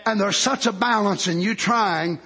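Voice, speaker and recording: A man preaching as pastor, building to shouted, drawn-out lines. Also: high voice. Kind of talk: sermon.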